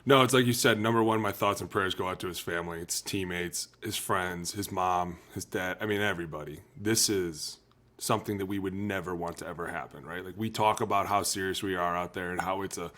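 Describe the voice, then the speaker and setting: Low-voiced guy in his 30s, ex football player, earnest and emotional, acts out quotes on a podcast. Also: a little fast, fairly bright tone. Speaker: former NFL lineman, podcast analyst. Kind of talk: candid podcast talk.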